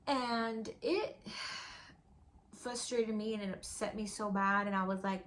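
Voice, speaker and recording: With a medium-pitched voice and fairly even intonation, a young YouTuber shares a candid storytime, sprinkling in "like" and "girl" all the time. She speaks at a measured pace with frequent pauses, over a slight hiss or hum.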